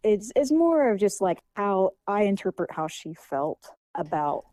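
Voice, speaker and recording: A woman's voice: medium pitch, very animated, unhurried, dark tone, dry recording, poor audio. A young woman, a children's author, answering interview questions in a casual, hesitant way with many fillers and restarts. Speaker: guest author.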